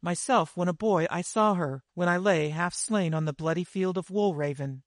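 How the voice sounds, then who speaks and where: A man's voice: high-pitched, normal speed, no echo, studio quality, close to an everyday voice. A man reading as a wild-eyed old warrior. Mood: grave. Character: wild-eyed older male warrior, superstitious.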